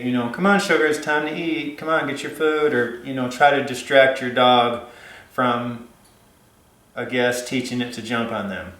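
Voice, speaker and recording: Casual man giving puppy advice, echoey room. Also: medium pitch. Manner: rambling, many fillers and restarts. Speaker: dog trainer.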